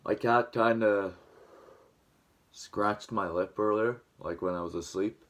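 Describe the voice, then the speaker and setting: Deep voiced young guy, dry throat, half awake, chatting slow and loose at home, lots of "like". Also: muffled recording. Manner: rambling, filler-heavy, just waking up. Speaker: vlogger. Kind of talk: casual morning chat to camera. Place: at home indoors, early morning.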